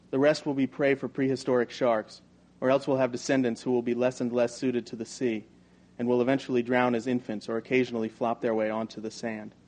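Male audiobook narrator, mid-range voice, even and measured first-person storytelling. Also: medium pitch. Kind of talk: first-person novel reading.

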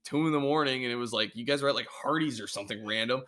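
A man's voice: mid-range voice, very fast, bright, forceful tone. A man co-hosting a casual podcast, chiming in easily and laughing along. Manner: easygoing, laughs along and chimes in. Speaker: podcast co-host. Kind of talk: casual chat.

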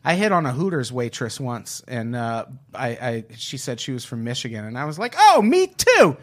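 A man's voice: medium pitch, fairly quick. A man co-hosting a podcast, trading wry, self-mocking banter in casual chat. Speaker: podcast co-host.

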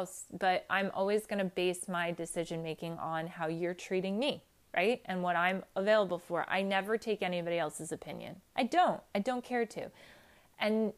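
A woman giving a candid personal monologue, blunt and emphatic, swearing casually and acting out quotes as she tells stories. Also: on the low side. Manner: animated storytelling with acted-out quotes.

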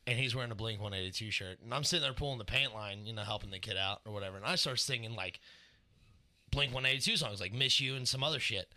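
A young man co-hosting a podcast, telling a story in casual chat with an animated, profane delivery. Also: fairly low pitch, quick pace. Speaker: podcast co-host.

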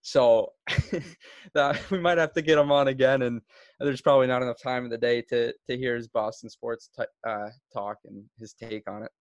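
A man's voice: medium pitch, normal speed, no echo, dull audio. A man hosts a podcast in loose, easygoing chat. His mid-range voice wanders through fillers and restarts. The sound is dry and close, with no room around it. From Florida. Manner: relaxed, rambling, many fillers and restarts. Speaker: podcast host. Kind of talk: casual chat.

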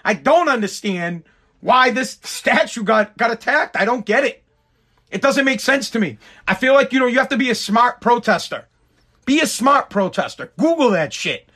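High-voiced man ranting, profane. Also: lively intonation, normal speed, a bit bright. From United States. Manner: profane, exasperated, heavy swearing and repeated words. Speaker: vlogger. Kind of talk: casual rant to camera. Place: Boston.

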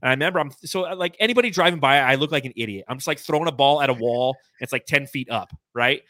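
A man's voice: mid-range voice, quick pace, sharp tone, no echo. A man in his thirties from California, hosting a podcast and telling rambling, self-mocking childhood stories full of fillers. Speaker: podcast host. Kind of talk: casual storytelling chat.

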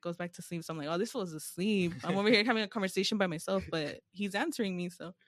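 A woman's voice: fairly low pitch, fast talker. A woman telling stories in casual chat, loose and full of swearing, now and then slipping into Spanish words. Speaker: podcast co-host. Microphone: phone.

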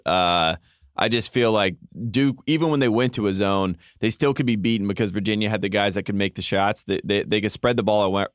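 Low-voiced man in casual sports talk. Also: smooth, no room sound, studio quality. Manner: animated, mimics announcers, laughs often.

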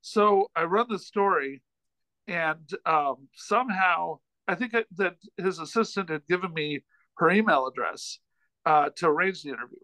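High, bright-voiced man telling a rambling story. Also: moderate pace, dry recording, poor audio. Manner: rambling, animated anecdote with frequent restarts. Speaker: podcast guest, comedian and author. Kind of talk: casual storytelling in a chat.

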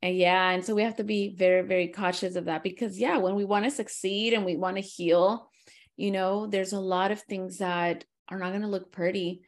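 A woman hosting a casual conversation who switches between English and Spanish mid-sentence, animated and quick to laugh. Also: mid-range voice.

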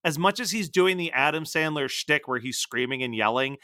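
A man co-hosting a podcast in casual pop culture chat, animated and full of "like" fillers. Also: fairly high pitch, fairly quick, no echo, studio quality. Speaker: podcast co-host.

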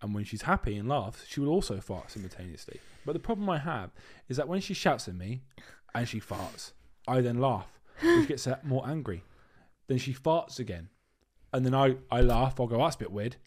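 A man's voice: mid-range voice, very animated, moderate pace, darkish tone. A young man co-hosting a podcast with his girlfriend, teasing her and mimicking others in casual banter. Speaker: podcast co-host.

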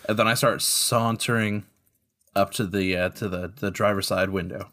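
A man's voice: fairly low pitch, steady tone, moderate pace, fairly bright tone. A man player in a tabletop role-play, describing his character's moves playfully.

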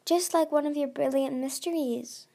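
A woman voicing a scheming female desert dragon who speaks smoothly, with a purr. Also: high voice, moderate pace, mellow, pitched above the performer's own voice. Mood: silky. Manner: smooth, purring.

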